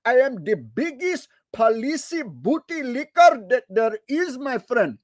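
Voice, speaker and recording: A man putting on an Indian accent, playing a loud, bossy man who loves the police and keeps saying "my friend". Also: sing-song, slow, no echo, clean studio sound, exaggerated voice. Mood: ranting. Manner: shrill, ranting, repeats "my friend".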